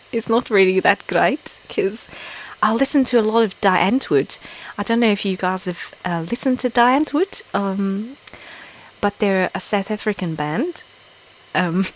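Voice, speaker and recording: English woman rambling on a live stream, giggly, says like and um a lot, mid pitch. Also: low-quality recording. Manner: giggly, filler-heavy, self-deprecating. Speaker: ASMR channel host on a live stream. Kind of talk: casual live-stream chat with viewers.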